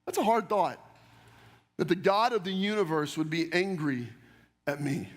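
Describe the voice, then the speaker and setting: A man's voice: high voice, moderate pace. A man preaching a sermon in a church with energy, speaking directly to the congregation and asking them questions. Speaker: pastor. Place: church sanctuary. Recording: long hall reverb.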